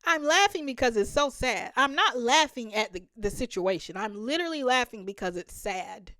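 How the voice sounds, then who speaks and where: A woman reacts to content for her channel in a fairly high, animated, bright, forceful voice at normal speed. She speaks emphatically to viewers and laughs a lot, and the studio-quality recording has no echo.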